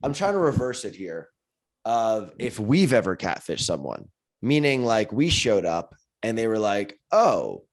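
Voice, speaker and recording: A man co-hosting a casual podcast chat, quick and jokey, laughing easily. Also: on the low side, sing-song. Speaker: podcast co-host.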